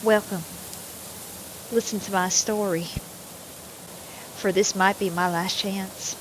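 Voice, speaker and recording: A woman's voice: medium pitch, steady tone, takes it slowly, slight background noise, close to an everyday voice, poor audio. A woman voicing a brash 38-year-old Southern housewife in a put-on Southern drawl, reading her lines like a playful storybook. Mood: boastful.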